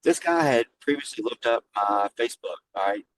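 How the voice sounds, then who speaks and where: A middle-aged man who owns a flooring business, telling stories lively and casually in an interview, swearing freely. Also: mid-range voice, brisk, a little hiss or hum, poor audio. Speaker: guest, flooring business owner.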